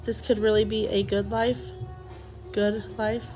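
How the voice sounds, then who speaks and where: A woman's voice: medium pitch, level tone, unhurried, a little mellow. Woman, vlog host, casual chat with a child, playful, laughing, faint music behind.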